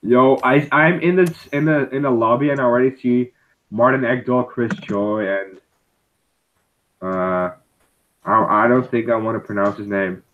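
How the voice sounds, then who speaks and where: A man's voice: medium pitch, moderate pace. A man chatting casually on a live stream, hesitating with many fillers and restarts. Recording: slightly dull audio with faint noise.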